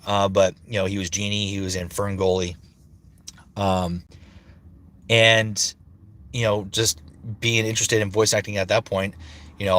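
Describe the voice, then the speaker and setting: Man in his thirties, slightly low voice. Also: fairly bright tone. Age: 30s. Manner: casual and swears freely; rambling, searching for words. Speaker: voice actor. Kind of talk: casual livestream chat.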